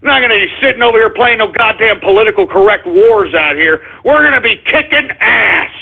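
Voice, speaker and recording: A radio host man rants in a combative monologue, his voice high and husky. He keeps cutting in with loud shouted bursts. The sound is thin and narrow, like a phone line. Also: expressive, brisk. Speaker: radio talk show host. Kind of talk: political talk radio monologue.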